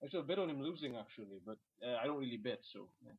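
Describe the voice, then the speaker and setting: A man's voice: mid-range voice, animated, racing, slightly rough. A man from the Philippines chatting casually as a guest, hesitant and full of ums and likes. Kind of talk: casual chat. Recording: dull lo-fi call audio.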